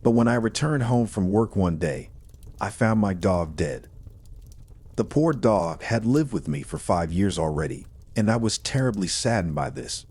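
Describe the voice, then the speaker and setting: A man reading a first-person horror story in a steady, measured storytelling manner. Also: on the low side, husky.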